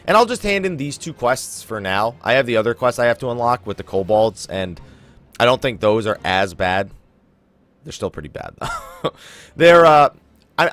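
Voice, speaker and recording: A young man hosting a let's play, commentating his gameplay in an animated, chuckling, self-mocking way, with faint game music behind him. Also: mid-range voice. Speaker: gaming channel host.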